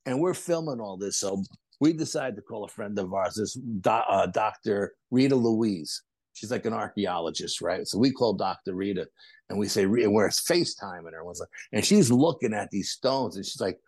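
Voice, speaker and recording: A man, a podcast guest, telling animated stories in a casual interview and acting out other people's quotes. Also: on the low side, moderate pace, slightly rough, dry recording. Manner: animated anecdotes with acted-out quotes. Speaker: podcast guest, paranormal investigator.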